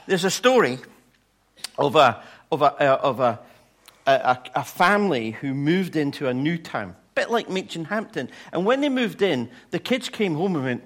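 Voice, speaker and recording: Animated male preacher. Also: on the high side, normal speed. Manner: animated, swinging from loud to hushed. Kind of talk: sermon with storytelling.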